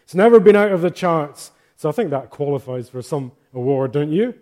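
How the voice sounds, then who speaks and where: Male pastor, mellow tone, slightly high voice, chatty and joking, reads scripture with emphasis. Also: lively intonation, a little fast. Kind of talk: sermon.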